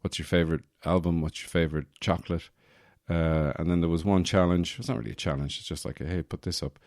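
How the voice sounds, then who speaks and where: A man's voice: low-pitched, steady tone, fast, darkish tone, dry recording, clean studio sound. Rambling, jokey male podcast host. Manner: rambling and jokey, self-correcting asides. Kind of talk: casual solo podcast chat. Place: apartment.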